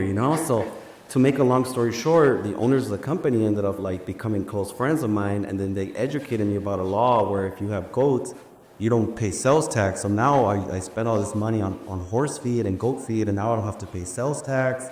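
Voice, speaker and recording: A man casually telling a personal story at a live event, animated and slangy, acting out the dialogue. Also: fairly low pitch, a little fast. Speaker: speaker sharing a personal story. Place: large room before a live audience. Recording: echoey hall with faint ambience.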